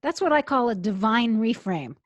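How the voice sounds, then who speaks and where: A middle-aged woman rabbi, telling an expressive story as an interview guest over earphones on a call. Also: on the high side, moderate pace, lo-fi sound. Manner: expressive, builds to emotional peaks. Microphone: earphones with mic.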